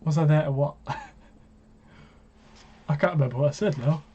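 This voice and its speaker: A man's voice: fairly high pitch, expressive, unhurried, mellow. Chatty young man on a lo-fi stream. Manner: chatty, laughs often, self-mocking. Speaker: live stream host. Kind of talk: casual live stream chat. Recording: dull lo-fi stream audio.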